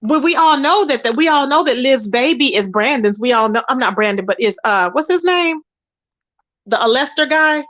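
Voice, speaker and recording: High-pitched woman host, lively chatty stream talk, greets viewers warmly by name. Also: moderate pace. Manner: animated, chatty, calls viewers "child" and "baby". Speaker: livestream host reading chat. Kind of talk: casual chat.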